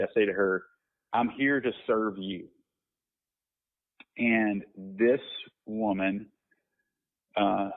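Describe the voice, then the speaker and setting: A man's voice: fairly low pitch, narrow, tinny audio. A man telling stories in a podcast interview as a guest minister, reflective, with many restarts and fillers.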